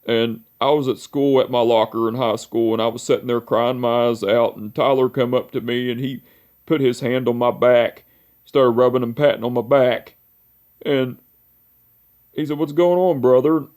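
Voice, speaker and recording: Young man, twenties, rambling heartfelt storytelling, middle-pitched voice, repeats himself. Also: fairly even intonation, normal speed, a little mellow. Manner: rambling, repeats "I said" and "you know"; emotional, heartfelt. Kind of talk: personal memorial vlog, storytelling.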